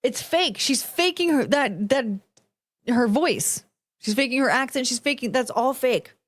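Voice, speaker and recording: A woman's voice: high voice, expressive, a little slow. A woman hosting a podcast, giving blunt, profane commentary on video clips and dropping into mocking impressions. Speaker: podcast host.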